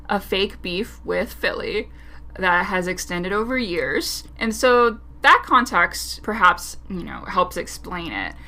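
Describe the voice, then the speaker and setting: A woman's voice: medium pitch, bright, forceful tone. A woman co-hosting a casual podcast chat, laughing often and talking in loose, hedging run-on sentences. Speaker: podcast co-host.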